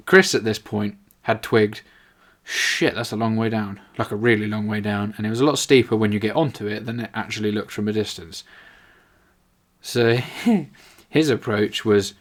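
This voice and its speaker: Man, low voice, rambling casual anecdote, sweary, lots of "like". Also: moderate pace. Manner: rambling, sweary, many "like" fillers. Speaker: storyteller.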